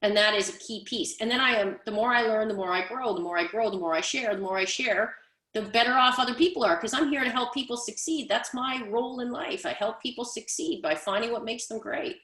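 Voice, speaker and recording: A woman coach speaking on a conference panel in an energetic, emphatic way, building points through repetition. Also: on the high side, fairly quick, roomy sound. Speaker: guest speaker, leadership coach.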